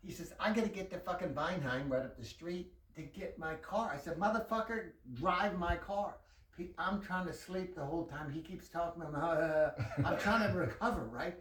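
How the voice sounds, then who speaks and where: A man telling a profane, animated story full of quoted dialogue in a casual chat with a friend. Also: a little high, normal speed, few pauses, roomy sound, recorded from a distance, low-quality recording. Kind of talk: casual anecdote told to a friend.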